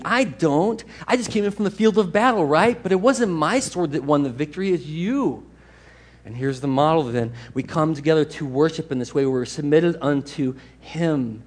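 Animated male pastor preaching. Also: on the high side, moderate pace. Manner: animated storytelling, puts on excited voices for his dog. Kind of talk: sermon. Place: church sanctuary.

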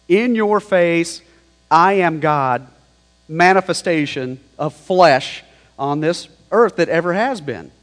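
A man preaching a sermon in a conversational, emphatic way, mixing scripture with slangy paraphrase. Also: on the high side. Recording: long hall reverb.

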